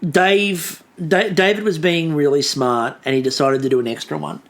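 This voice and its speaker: A man's voice: a little high, steady tone, moderate pace, a bit bright. A man co-hosting a podcast, recapping an episode in a rambling, chatty way. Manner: rambling, chatty, many fillers and restarts. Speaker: podcast co-host.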